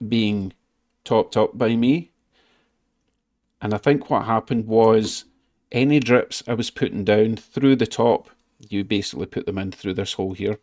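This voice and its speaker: Chatty man with a lowish voice. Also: darkish tone. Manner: chatty, explains step by step with asides. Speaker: model railway hobbyist. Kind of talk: casual repair tutorial.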